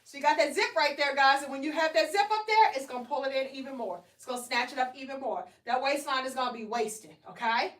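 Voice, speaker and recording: A woman's voice: sits high, fast, few pauses, fairly bright tone. A woman hosting a live product demonstration, talking in a chatty, coaxing way and checking in with her viewers. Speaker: host selling shapewear on a livestream. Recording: roomy echo, far from the mic.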